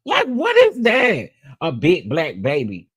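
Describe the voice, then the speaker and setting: Hosting a celebrity gossip channel, this man delivers casual, sassy commentary, repeating phrases for emphasis and calling his viewers "y'all" as he talks straight to them. His voice is fairly high and fairly bright with a breathy edge, slow, with huge pitch swings. There's no room sound.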